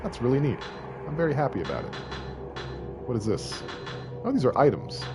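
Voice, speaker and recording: A man's voice: mid-range voice, wildly swooping pitch, fairly quick, music in the background. A Canadian man in his late thirties with a Canadian accent, casually joking with viewers while streaming a video game. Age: late 30s. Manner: joking, self-deprecating, chatting with viewers.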